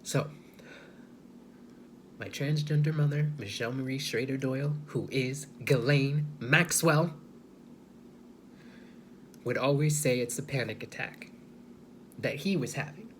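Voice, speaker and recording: Slow, hesitant, soft-spoken man. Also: medium pitch, a little hiss or hum. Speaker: vlogger. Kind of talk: personal video monologue.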